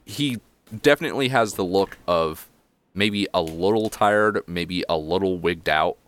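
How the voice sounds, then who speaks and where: A male game master with a low, smooth voice narrates a tabletop game. His descriptions are relaxed, and the sound is dry and close. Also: a little slow, no room sound.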